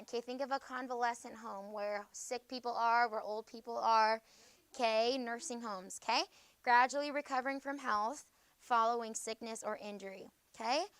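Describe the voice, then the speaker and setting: A young woman teaching a school class, reviewing vocabulary briskly and checking in with "okay?" after nearly every point. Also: on the high side, a bit bright, clear, resonant tone, no room sound. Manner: brisk, peppers talk with "okay?".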